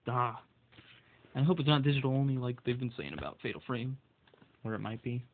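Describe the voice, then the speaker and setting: A man's voice: mid-range voice, a little fast, creaky, narrow, tinny audio, a little hiss or hum. A man ranting angrily about video game prices, swearing constantly and stumbling over his words, his voice shaking with anger. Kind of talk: angry solo rant.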